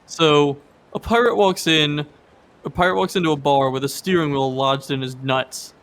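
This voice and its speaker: A man's voice: fairly high pitch, steady tone, moderate pace, a bit bright. A man co-hosting a game stream in casual chat, telling corny jokes. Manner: joking, tells groan-worthy punchline jokes. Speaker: guest co-streamer.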